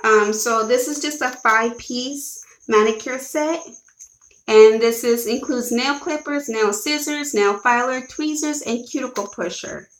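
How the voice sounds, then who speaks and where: A mother rambles through a shopping haul in casual, unscripted chat, often stopping to correct herself. Her voice sits a bit high, and it echoes around the room she records in. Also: measured pace. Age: adult with children. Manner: rambling, chatty, self-correcting, greets viewers by name. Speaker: vlogger showing a shopping haul. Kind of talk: casual chat with live viewers.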